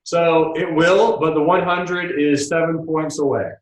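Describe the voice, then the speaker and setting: A man's voice: on the high side, fairly even intonation, unhurried, echoey room, recorded from a distance, rough recording. A man hosting a stock trading show, chatting casually and joking as he answers viewer questions. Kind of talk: casual livestream market commentary.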